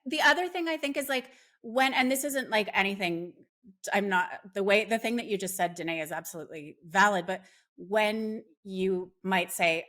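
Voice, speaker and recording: A woman's voice: medium pitch, normal speed, a bit bright. A woman speaking as a podcast guest, talking earnestly with frequent fillers and restarts. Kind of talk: casual conversation.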